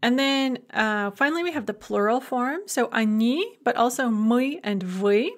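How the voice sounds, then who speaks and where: Patient woman lecturing, a bit high. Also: expressive. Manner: patient, methodical explanation with slow, careful example words. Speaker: language instructor. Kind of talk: recorded lecture over slides.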